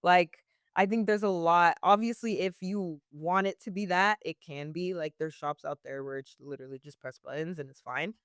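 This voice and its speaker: A woman's voice: lowish voice, moderate pace, clean tone, dry recording, studio quality. A young woman working as a barista, answering interview questions casually with many "like" fillers and frequent laughs.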